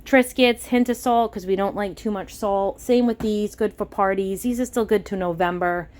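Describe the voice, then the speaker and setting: In a relaxed chat at normal speed, a middle-aged vlogger with a Massachusetts accent talks through her groceries in a medium-pitched voice. Finding bargains gets her visibly excited.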